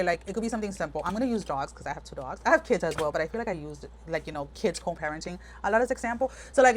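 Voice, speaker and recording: A tarot reader with a fairly low voice offers a casual pick-a-card reading, with a slight hiss or hum in the background. She talks frankly and directly to the viewer, chatty and meandering, full of fillers and restarts.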